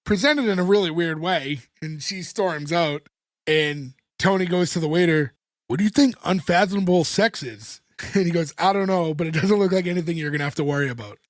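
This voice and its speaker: A man co-hosting a podcast, retelling a sitcom episode in a casual, animated way and acting out the characters' lines. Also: on the high side, a little fast, dry recording, studio quality. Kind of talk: casual chat.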